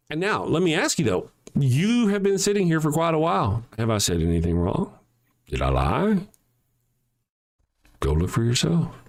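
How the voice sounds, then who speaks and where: Animated sarcastic man ranting. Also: fairly low pitch. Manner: mocking, sarcastic, swings between loud jabs and quiet asides. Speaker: show host. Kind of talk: ranting monologue.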